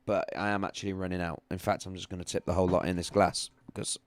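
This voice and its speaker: Male streamer, chatty and rambling, lowish voice, close and dry. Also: flat delivery, quick pace, no room sound. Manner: chatty, rambling, repeats himself. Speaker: livestream host. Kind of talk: casual live-stream chat with chart analysis.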